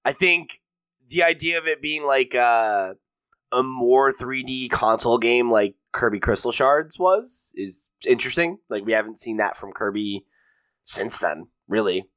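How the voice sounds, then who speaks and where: A man co-hosting a gaming podcast in easy, casual chat. He jokes around, swears freely and laughs a lot. His voice sits at a middling pitch and sounds close and dry, with no room around it. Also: a little slow, fairly bright tone, clean tone, no echo. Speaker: podcast co-host leading the news segment.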